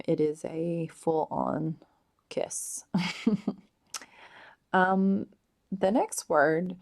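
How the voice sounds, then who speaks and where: A woman explaining slang words in a casual vlog, hesitant and full of drawn-out ums. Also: fairly low pitch. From United States. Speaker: vlogger explaining British slang.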